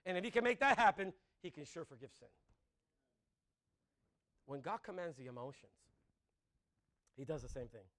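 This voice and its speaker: A man's voice: fairly high pitch, sing-song, moderate pace, pauses often, fairly bright tone. A man preaching a sermon in a conversational way, asking the congregation questions and laughing at his own jokes.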